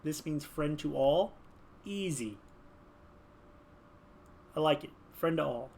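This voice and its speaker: Slow and a little high, this man's voice has vocal fry, and the recording carries a little hiss or hum. He's a gaming creator casually building a character, rambling animatedly with lots of fillers.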